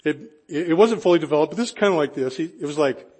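A man preaching in a relaxed, conversational way, telling a personal story with self-deprecating humor and frequent restarts. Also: on the high side, fast, breathy edge.

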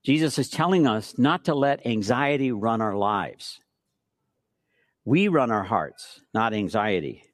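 A middle-aged man preaching a sermon, telling stories with emphatic repetition and shifting between hushed and forceful delivery. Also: medium pitch, measured pace, no echo, clean studio sound. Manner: storytelling preacher, emphatic repetitions, animated swings from soft to loud. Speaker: pastor.

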